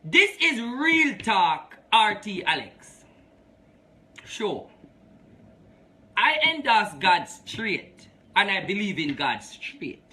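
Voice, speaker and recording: Very high, bright-voiced man. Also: sing-song, slow, pauses often. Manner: emphatic, preachy, mixes patois with English. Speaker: spiritual advisor and show host. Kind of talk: live reading show monologue.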